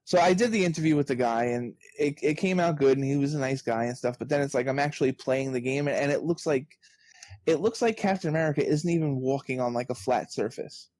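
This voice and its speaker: Male podcast guest, animated storyteller, dry close sound, mid pitch. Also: fairly quick, no room sound. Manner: animated storyteller, acts out quoted exchanges. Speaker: interview guest, author. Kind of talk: casual podcast conversation.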